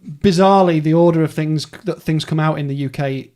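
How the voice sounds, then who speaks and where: Chatty podcast host, slightly high. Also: male voice, brisk, warm tone. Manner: chatty, rambling through publishing details. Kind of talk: casual book-club chat.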